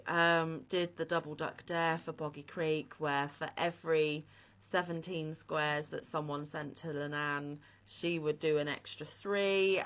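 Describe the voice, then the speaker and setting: The host of a crochet channel chats casually and gushes with heartfelt, emotional praise, her voice sitting low with a bit of brightness. The audio is lo-fi and slightly muffled.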